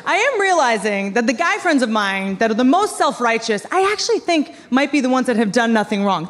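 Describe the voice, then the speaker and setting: Sarcastic woman doing stand-up in a hall. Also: on the high side. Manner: sarcastic, wry storytelling. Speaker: stand-up comedian. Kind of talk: stand-up comedy set. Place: large theater before a live audience. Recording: live stage with hall reverb, audience.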